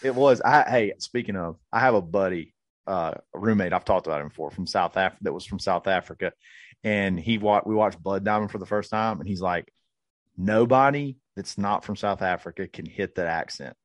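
Laid-back low-voiced podcast host. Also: male voice, a little fast, no room sound. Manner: laid-back, repeats phrases, chuckles often. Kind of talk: casual podcast chat.

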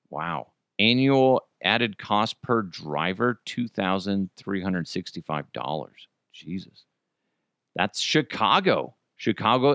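A man's voice: lowish voice, fairly bright tone, clear, resonant tone, dry recording, clean studio sound. A man hosting a podcast, talking casually and rambling with plenty of swearing. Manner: rambling, profane, offhand. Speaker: podcast host. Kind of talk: casual solo podcast talk.

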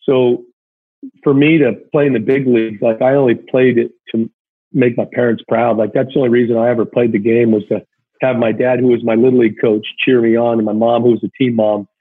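A man, a former big-league pitcher, telling an emotional childhood story in a rambling, casual way with many fillers. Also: level tone, fairly quick, breathy edge. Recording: tinny phone-line sound.

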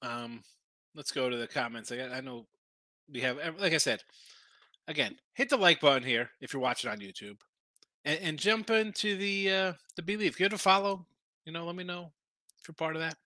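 A man's voice: a little high, sharp tone, no echo. A man hosting a live late-night sports betting stream, firing off brash picks and talking to his chat while tired and yawning. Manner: brash, rapid-fire opinions, talks to chat. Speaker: sports betting show host.

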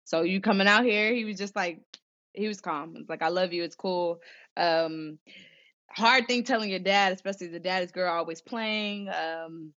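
Young woman, animated storyteller, lowish voice, lo-fi sound. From Southern California. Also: moderate pace. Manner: animated, acts out quoted voices, many fillers. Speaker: guest, former pro basketball player. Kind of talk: casual storytelling interview. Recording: dull lo-fi sound.

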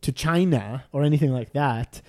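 A man's voice: medium pitch, normal speed, warm tone. A man in casual chat telling a long travel story, rambling with restarts and self-deprecating jokes.

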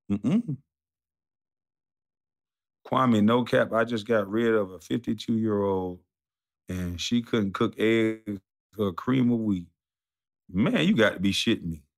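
A man's voice: lowish voice, unhurried, pauses often. Blunt, profane man ranting. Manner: blunt, animated, storytelling with put-on quotes.

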